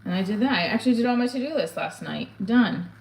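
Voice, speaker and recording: A woman's voice: a little high, animated, quick pace, gravelly, slight background noise. Chatty middle-aged woman livestreaming. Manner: chatty, rambling, reads comments aloud. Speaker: comedian and livestream host. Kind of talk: casual livestream chat.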